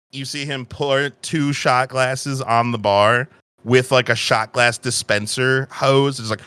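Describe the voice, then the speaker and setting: A man narrating a tabletop game in a loose, casual way, swearing freely. He talks slowly, and his bright voice sounds close and dry. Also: mid-range voice, fairly even intonation, clean tone, no room sound. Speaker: game master.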